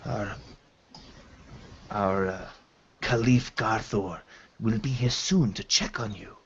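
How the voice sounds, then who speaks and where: A man voicing a wary female hobgoblin healer who talks in a hushed, halting way, on a dull lo-fi recording. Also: mid-range voice, big pitch swings, slight background noise. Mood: soothing hushed. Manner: hushed, halting speech in a foreign tongue.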